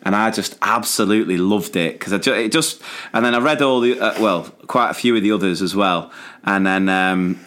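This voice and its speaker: A man's voice: lowish voice, normal speed, fairly bright tone. A man co-hosting a podcast, talking casually in a rambling, easygoing way. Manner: rambling, with fillers and restarts. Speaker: podcast co-host. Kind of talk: casual chat.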